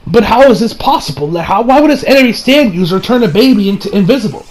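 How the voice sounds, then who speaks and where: A young man casually recapping and reviewing an anime episode, rambling and excitable, acting out quotes with sudden shouts. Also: high-pitched, fast, hardly any pauses.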